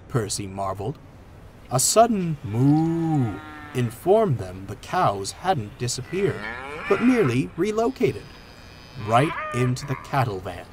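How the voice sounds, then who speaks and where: Man narrating an animated storybook. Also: medium pitch, a little slow, a little hiss or hum. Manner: expressive, animated reading. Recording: music playing underneath.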